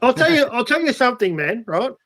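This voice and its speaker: A man's voice: very high-pitched, big pitch swings, fast, a bit bright. An Australian man in casual chat, swearing constantly and calling everyone mate.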